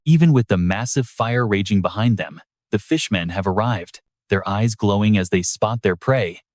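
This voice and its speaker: A man's voice: on the low side, a little mellow, dry recording, clean studio sound. A man narrating a story recap in a dramatic, scripted storytelling manner. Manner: dramatic storytelling with brief voiced quotes.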